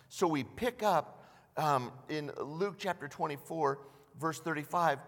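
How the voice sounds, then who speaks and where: A man preaching a sermon as pastor, telling the story with animated asides and acted-out voices. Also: fairly high pitch, measured pace. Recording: long hall reverb.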